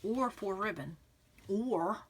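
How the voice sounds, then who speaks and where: In her scrapbooking tutorial, this woman host talks slowly at a medium pitch, casually encouraging her viewers and frequently saying "okay" and "again." Pollen has her clearing her throat, and the recording has a little hiss or hum.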